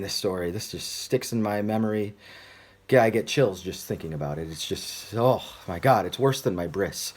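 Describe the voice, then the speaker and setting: Rambling man with a lively voice. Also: on the low side. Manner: rambling, digressive, full of asides. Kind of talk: stand-up style comic monologue.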